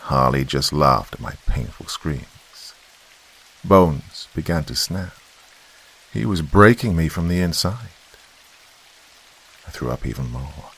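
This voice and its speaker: A man narrating a first-person horror story in a slow, hushed storytelling manner. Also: rumbling low, lively intonation, slightly rough. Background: faint rain and hiss.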